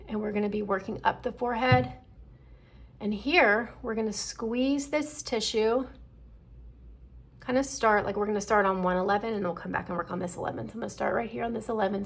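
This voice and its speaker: A middle-aged woman, an esthetician, calmly walking viewers through a skincare demonstration and checking in often. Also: a little high, creaky. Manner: calm instructive, checks in with "okay?".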